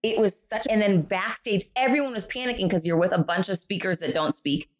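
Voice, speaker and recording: Animated woman telling a story. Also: mid-range voice, brisk. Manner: animated, acts out quoted voices. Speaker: guest, author and speaker. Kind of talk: storytelling in a podcast interview.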